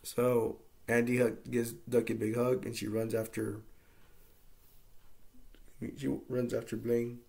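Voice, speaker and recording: Creaky-voiced man recapping a movie. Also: medium pitch, monotone, unhurried, long pauses, warm tone. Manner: rambling, filler-heavy, enthusiastic retelling. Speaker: movie reviewer. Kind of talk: casual movie recap and review.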